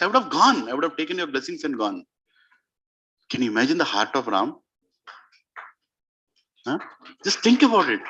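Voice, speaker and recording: A man's voice: high-pitched, sharp tone, muffled recording. A man telling a devotional story as a sermon to an audience in a community clubhouse. He speaks emphatically and keeps putting questions to his listeners. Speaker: spiritual speaker.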